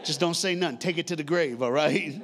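A man's voice: on the high side, brisk. A male pastor telling a story in a sermon, joking and talking back and forth with the congregation. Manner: lively, jokes with the congregation. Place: church sanctuary.

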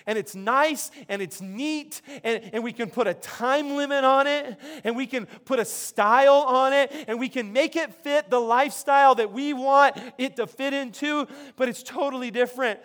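High-voiced man preaching a sermon. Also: normal speed, few pauses, a bit bright, clear, resonant tone. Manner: conversational, frequent word repetitions and restarts. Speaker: pastor.

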